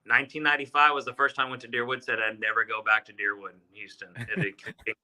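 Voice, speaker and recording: A man's voice: mid-range voice, little pitch movement, fast, pushed and bright. A man in his fifties from South Texas, a golfer guest telling stories with lots of restarts and fillers. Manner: rambling, many restarts and fillers. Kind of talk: casual storytelling.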